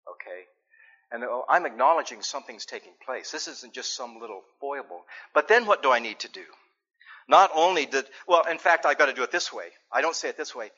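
A man with a fairly high voice preaches a sermon in earnest, his delivery swinging from hushed asides to loud, pressing emphasis. He sometimes slips into sheepish voices to act out examples. The recording sounds dull and lo-fi. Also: sing-song, brisk, husky. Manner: acts out little spoken examples in a sheepish tone.

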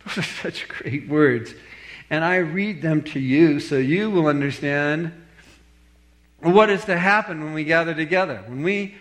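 A man preaching a sermon, moving from slow, deliberate scripture reading to animated storytelling. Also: fairly high pitch. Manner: animated storytelling, voice rising sharply when quoting others; reads scripture slowly and deliberately. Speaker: pastor.

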